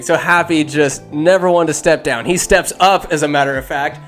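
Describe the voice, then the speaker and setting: A man hosting a podcast, retelling a movie in an animated, profane way and hopping into character voices. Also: fairly high pitch, moderate pace, over music. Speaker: podcast host.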